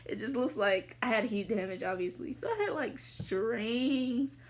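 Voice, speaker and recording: A young adult woman vlogger casually answering viewer questions, rambling with lots of fillers and jumping into sudden high squeals. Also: animated, measured pace. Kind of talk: casual chat.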